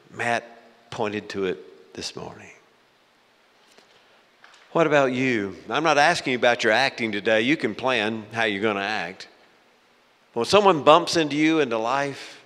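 Dramatic male pastor in an echoing hall. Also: medium pitch. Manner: dramatic, swinging from loud to hushed. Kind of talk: sermon. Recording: long hall reverb.

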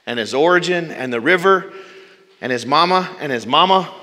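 A male preacher delivering a sermon with folksy humorous asides, swinging between loud bursts and hushed, drawn-out phrases. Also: mid-range voice. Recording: long reverb from a large hall.

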